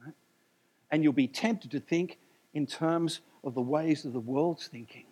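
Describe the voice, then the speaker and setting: Male preacher, husky, a bit high-pitched, lively sermon delivery with humorous asides. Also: unhurried. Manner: animated, rising to emphatic peaks, jokes and asides.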